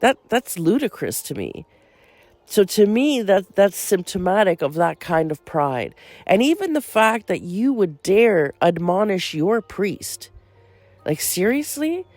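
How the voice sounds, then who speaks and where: A woman's voice: medium pitch, big pitch swings, measured pace, darkish tone, dry recording, soft background music. A woman hosting a faith podcast, talking earnestly in a monologue that turns incredulous and indignant. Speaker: host.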